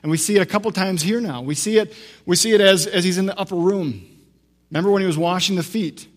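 A male preacher giving an unhurried, conversational sermon with asides and restarts, in a church sanctuary. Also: sits high. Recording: long echo of a large hall.

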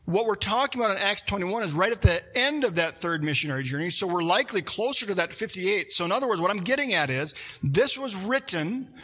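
A man preaching a sermon, animated, reading scripture aloud and talking through a card-game illustration. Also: high-pitched, a little fast, breathy edge. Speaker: pastor.

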